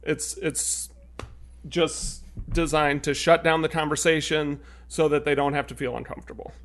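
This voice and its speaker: A man's voice: a little high, little pitch movement, moderate pace, a little hiss or hum. A man co-hosting a podcast in casual chat, earnest and stopping to restart his thoughts. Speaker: podcast co-host.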